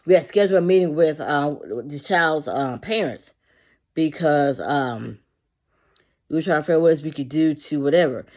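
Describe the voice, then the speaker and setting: With a deep, darkish voice at a moderate pace, a childcare worker unloads about work in a loose, swear-filled story. She keeps repeating herself and performs her coworkers' lines aloud.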